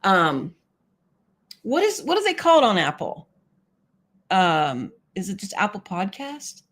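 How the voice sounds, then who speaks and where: A woman's voice: mid-range voice, huge pitch swings, unhurried, a bit bright. A woman hosting a casual live stream, chatting with viewers, often laughing and reading their comments aloud.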